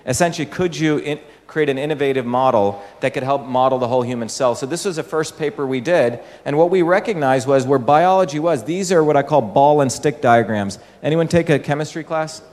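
Male speaker giving an explanatory public talk, average pitch, recorded with hall reverb. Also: brisk, hardly any pauses, a little mellow. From India. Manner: explanatory, with rhetorical questions to the audience. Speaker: speaker addressing an audience. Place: large hall with an audience. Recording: echoey hall.

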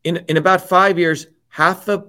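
A man's voice: high voice, steady tone, moderate pace. Fiery profane man ranting. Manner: profane, forceful, repetitive. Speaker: interview guest, political candidate. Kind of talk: heated political rant.

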